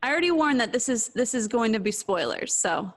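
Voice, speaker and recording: A woman hosting a podcast interview, asking brisk quiz-style questions and laughing often. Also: on the high side, big pitch swings. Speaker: podcast host. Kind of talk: casual interview.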